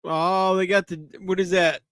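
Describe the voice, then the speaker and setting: A man with a Southern drawl chats loosely through a movie watch-along, cracking jokes while he drinks. His voice sits a little high and comes across smooth and clear. The sound is dry, with no room around it. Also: flat delivery, normal speed, a bit bright, dry recording. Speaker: livestream host.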